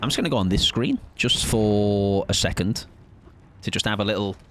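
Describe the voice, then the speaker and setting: A man's voice: fairly low pitch, moderate pace, fairly bright tone, slight background noise. Tired, playful man streaming. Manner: playful, rambling, self-mocking. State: tired, sleep-deprived. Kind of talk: live gameplay commentary.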